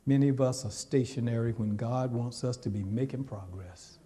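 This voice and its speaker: Conversational preacher in an echoing church. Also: male voice, mid-range voice, normal speed, mellow, breathy edge. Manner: conversational and teasing, talks straight to the congregation. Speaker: pastor. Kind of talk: sermon. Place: church sanctuary. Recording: long reverb of a church hall.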